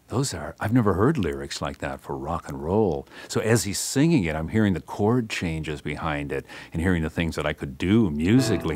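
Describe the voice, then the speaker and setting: Middle-aged male spoken-word storyteller, very low voice, dry close recording. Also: no room sound. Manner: animated, acts out dialogue with big pitch jumps, says "man" often. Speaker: musician telling his story.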